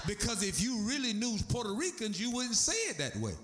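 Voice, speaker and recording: A man preaches a sermon from the pulpit with emphatic, animated delivery. His fairly high voice swoops up and down as he drives each point home. The sound carries the echo of a large church room. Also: a little fast, hardly any pauses. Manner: emphatic preaching with sweeping pitch swings. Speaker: pastor. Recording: echoey room.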